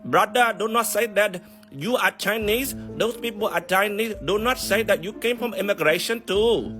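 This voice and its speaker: A man's voice: sits high, normal speed, over music, pitched above the performer's own voice, lightly acted. A man voicing an earnest Indian friend who lectures him sternly. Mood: scolding.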